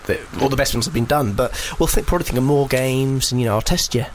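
A man's voice: medium pitch, fast talker, slight background noise. A man co-hosting a radio show, joking around and reading out a tale in a playful, giggly way. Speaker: radio co-host. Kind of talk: casual radio banter and storytelling.

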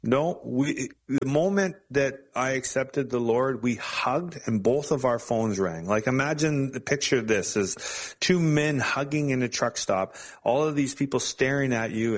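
A man as an interview guest, sharing a personal faith testimony in an earnest, halting way with frequent restarts. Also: medium pitch.

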